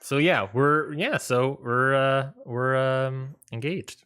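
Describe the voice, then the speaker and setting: A man's voice: medium pitch, slow pace, pushed and bright, smooth. A young man co-hosting a podcast, telling a rambling story in casual chat and laughing often. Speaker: podcast co-host.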